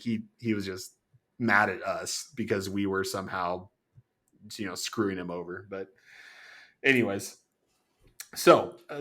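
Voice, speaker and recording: A middle-aged man and former grocery store manager, telling work stories on a podcast in a casual, animated way and laughing often. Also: medium pitch. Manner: animated, laughs often, acts out the quoted people. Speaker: podcast guest. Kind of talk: casual storytelling.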